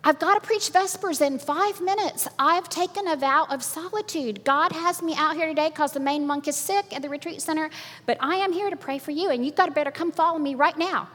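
A woman putting on a hurried, insistent monk. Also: sits high, a bit bright, big-room sound, voice pushed up. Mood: urgent. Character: urgent male monk, insistent.

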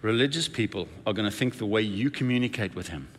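A man's voice: lowish voice, lively intonation, fast talker, in a large hall, slight background noise. A man preaching a sermon as senior pastor, telling stories and acting out the quotes in playful voices. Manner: storytelling with playful acted-out quotes.

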